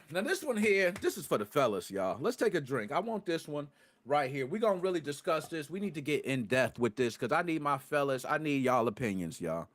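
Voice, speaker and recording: A young man hosting a podcast, ranting to his live chat in profane street slang and swinging between loud outbursts and low muttered asides. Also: big pitch swings, a little fast, a little hiss or hum. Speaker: podcast host.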